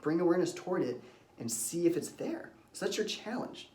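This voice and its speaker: A man's voice: high-pitched, big pitch swings, fairly quick, a little mellow, reverberant. A man who works as a confidence coach gives an earnest, reflective self-help talk and shares personal stories.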